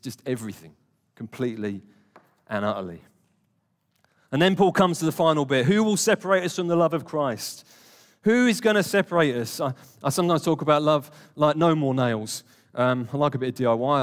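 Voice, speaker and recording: A man preaching a sermon in a church hall, speaking in a conversational, earnest way and putting questions to the congregation. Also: a little high. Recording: long hall reverb.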